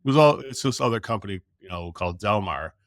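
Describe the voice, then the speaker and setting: Fast and lowish, this middle-aged American sales coach spins an animated story in a podcast interview, voicing the characters' lines himself and cursing casually along the way. The studio recording is clean and dry.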